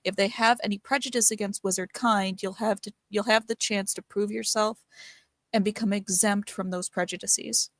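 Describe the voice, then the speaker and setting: A woman plays a tabletop game, thinking aloud and halting with fillers as she explains her move. Her voice sits in a middle range, recorded close and dry. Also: mid-range voice, steady tone, a bit bright, no echo. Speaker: player. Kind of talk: casual tabletop game play.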